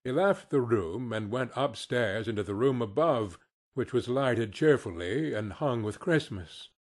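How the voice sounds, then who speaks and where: A man reading a classic story aloud as an audiobook narrator, measured and expressive. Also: medium pitch.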